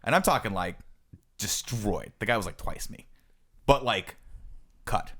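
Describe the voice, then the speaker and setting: A man's voice: lowish voice, unhurried, fairly bright tone. A man in his thirties, a podcast co-host, telling a self-mocking story in casual chat. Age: 30s.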